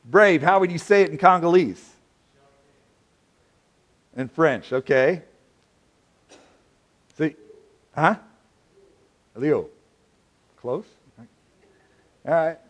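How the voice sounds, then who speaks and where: Male pastor, high and lively voice, unhurried sermon delivery with playful audience back-and-forth. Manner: animated, playful, asks the audience questions. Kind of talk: sermon with congregation interplay.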